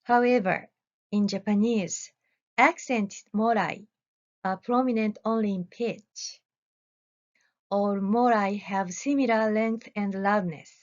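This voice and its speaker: A woman researcher giving a recorded academic presentation, reading deliberately with careful pauses. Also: medium pitch, fairly even intonation, dull audio.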